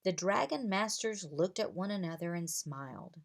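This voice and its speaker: A woman reading a children's chapter book aloud with expressive storytelling. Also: on the low side, normal speed, gravelly. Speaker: reader.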